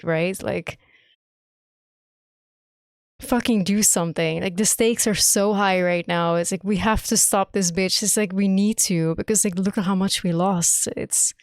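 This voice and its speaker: A woman's voice: fairly low pitch, dry recording, clean studio sound. A young woman streamer giving live reaction commentary on a game, gushing and emphatic, swearing often.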